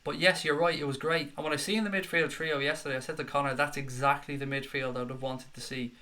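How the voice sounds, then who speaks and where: Excitable bright-voiced man hosting a live stream. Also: on the high side, fast. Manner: excitable, chatty, reads out viewer comments. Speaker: football fan channel host. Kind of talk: live-stream chat reaction.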